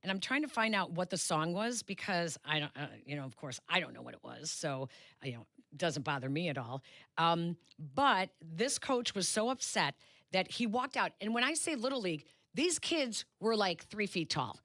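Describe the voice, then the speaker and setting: A woman co-hosts a sports radio show. She has a lowish voice and is recorded dry on a close studio mic. She tells stories in a chatty, animated way. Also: moderate pace, no room sound. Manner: animated retelling, acts out quoted voices. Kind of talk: casual radio chat, storytelling. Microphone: studio microphone.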